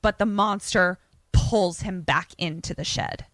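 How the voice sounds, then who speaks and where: Bright animated woman telling a story. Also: fairly low pitch, dry recording. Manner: animated storyteller, quick asides and laughs. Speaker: podcast co-host retelling a film. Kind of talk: casual chat.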